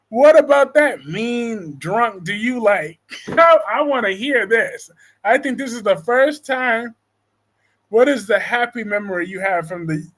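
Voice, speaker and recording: A man hosting a casual live-stream chat about soap operas, excitable and quick to fire up, reading viewer comments aloud. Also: very high-pitched. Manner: excitable, swings from calm to loud anger. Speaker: soap opera talk show host.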